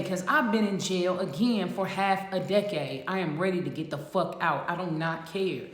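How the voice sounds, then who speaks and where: Casting: woman, lower voice, animated and profane storyteller, echoey roomy sound. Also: moderate pace, few pauses. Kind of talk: casual storytelling to camera.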